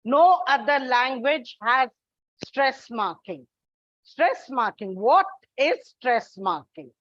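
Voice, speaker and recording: Slow, high-voiced woman teaching English. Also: expressive, no room sound. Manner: slow, deliberate explaining with spelled-out examples. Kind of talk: classroom English lesson. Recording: dull lo-fi sound.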